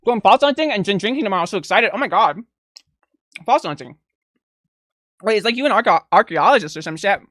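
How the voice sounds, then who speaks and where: A young woman chatting casually and swearing a lot while eating on a live stream, close to a desk mic, breaking into laughs and loud outbursts. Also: medium pitch, lively intonation, fast, long pauses.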